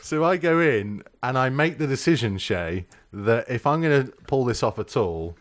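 A man's voice: medium pitch, lively intonation, moderate pace. A man hosting a podcast, telling stories in a chatty, teasing way. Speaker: podcast host. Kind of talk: casual chat.

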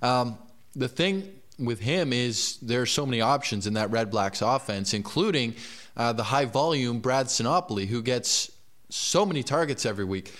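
A man's voice: medium pitch, lively intonation, normal speed, a bit bright. A man co-hosting a fantasy football panel, confidently defending his bold picks in casual chat. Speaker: fantasy football analyst co-host.

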